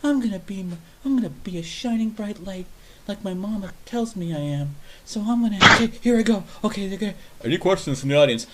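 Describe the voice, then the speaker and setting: A man acting out a nervous, over-eager grown man at a panel, pushed up well above his normal pitch. He hesitates timidly, then blurts loudly and proudly. A comic bit in a casual podcast chat. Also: lively intonation, fast talker, heavy background noise. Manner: timid, then bursting out loud and self-congratulating.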